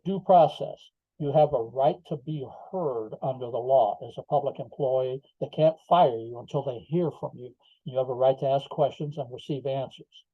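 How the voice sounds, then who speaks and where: A man's voice: mid-range voice, dry recording. An older man, a podcast guest, telling his story emphatically with rhetorical asides. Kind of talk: interview storytelling. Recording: slightly dull lo-fi audio.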